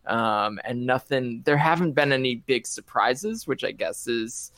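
Relaxed male podcast guest, smooth dry voice. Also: mid-range voice, measured pace, no room sound. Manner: relaxed, hesitant, lots of fillers. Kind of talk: casual podcast chat.

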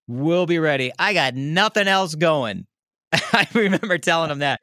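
A man telling a story in a casual, animated way, laughing often and restarting his sentences. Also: a little high, unhurried, dry recording, clean studio sound. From Milwaukee area, United States. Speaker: radio host telling a story as a podcast guest.

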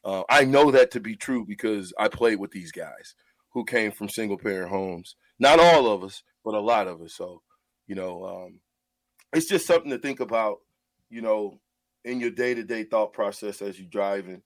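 A man's voice: fairly low pitch, moderate pace, dry recording. A man who is a radio show host, talking in an earnest, heartfelt way about mentoring and often repeating his words as he goes.

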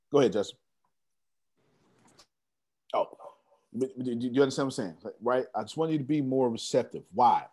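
A man hosting a team meeting over a video call, his pitch rising and falling freely as he talks. He speaks in a loose, slangy way, teasing his listeners and repeating phrases for emphasis. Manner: animated, slangy, teasing and repetitive. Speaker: host leading an online team meeting. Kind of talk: casual motivational team call.

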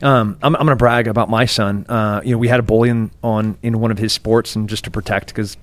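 A man's voice: fairly quick, no echo. A man talking casually as a podcast guest, telling stories and acting out quoted voices. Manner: animated storyteller, acts out quotes with big pitch jumps.

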